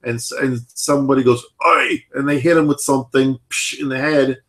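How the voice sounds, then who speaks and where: A man's voice: medium pitch, little pitch movement, fast talker. Guy in his 30s just chatting, rambly, lots of like and you know. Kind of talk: casual chat.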